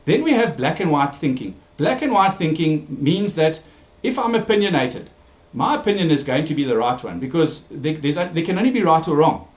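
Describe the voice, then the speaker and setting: Man, higher voice, echoey room, lively presenting. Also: brisk. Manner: animated, shifting pitch for characters. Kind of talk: storytelling then live online talk.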